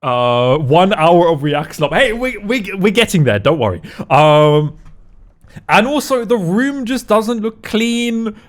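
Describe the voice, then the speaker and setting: Excitable young man reacting with lively swings. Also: sits high, takes it slowly. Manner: excitable, swears a lot, laughs often. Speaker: reaction video host. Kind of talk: casual reaction commentary.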